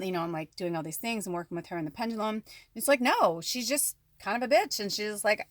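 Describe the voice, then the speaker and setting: At home indoors, a woman with a lowish voice gives a casual spiritual card reading at a quick pace, recorded dry. She rambles chattily, filling her talk with asides and "like".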